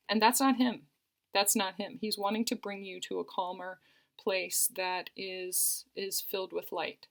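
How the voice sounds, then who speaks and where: Gravelly-voiced woman giving an earnest tarot reading. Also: medium pitch, fairly bright tone. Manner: earnest and reassuring, with repeated phrases. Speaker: tarot reader.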